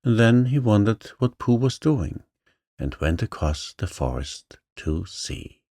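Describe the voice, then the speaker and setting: A man narrating a bedtime story in a slow, soothing, gentle manner. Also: on the low side, sing-song, no room sound, clean studio sound. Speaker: audiobook narrator. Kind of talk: calm bedtime story reading.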